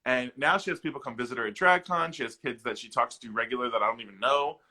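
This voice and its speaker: A guest comedian talks in a casual, animated way, full of restarts and quick impressions of the people he describes. His voice is strikingly bright and sharp. He sits at a middling pitch for a man. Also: rough recording. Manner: animated, jokey, mimics the people in his stories; loose, with frequent fillers and restarts. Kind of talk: casual interview storytelling.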